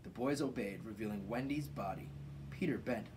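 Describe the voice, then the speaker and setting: A man reading a children's book aloud in an informal, relaxed way, from his home garage workshop. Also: on the low side, normal speed, far from the mic, noisy background. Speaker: children's story reader.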